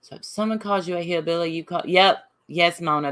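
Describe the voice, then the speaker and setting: A woman's voice: on the low side, a little fast, a bit bright. A woman from Appalachia, hosting a casual livestream and sparring with commenters in her chat. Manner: combative, reading and answering chat comments. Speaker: livestream host.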